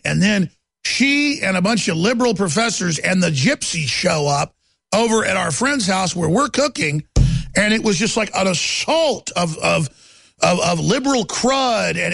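A man's voice: high-pitched, creaky, a bit bright, no room sound. A man hosting a talk show, delivering a heated political monologue in a contemptuous, ranting way with stammered repeats.

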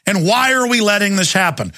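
A man hosting a talk radio show, ranting heatedly and shouting at times, then taking calls. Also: sits high, lively intonation. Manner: angry, shouting at times, fast bursts.

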